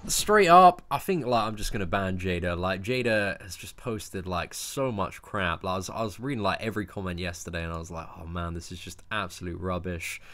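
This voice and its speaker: A man's voice: low voice, expressive, brisk, hardly any pauses, a bit bright. A young man with a southern English accent, a streamer chatting casually on a call, laughing and rambling with lots of "man" and "like". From England. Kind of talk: casual chat.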